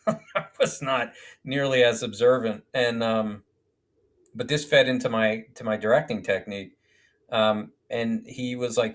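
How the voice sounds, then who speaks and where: A man's voice: mid-range voice, steady tone, unhurried. A man, a filmmaker guest on a podcast, telling stories animatedly, acting out quotes and swearing casually. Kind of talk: podcast storytelling.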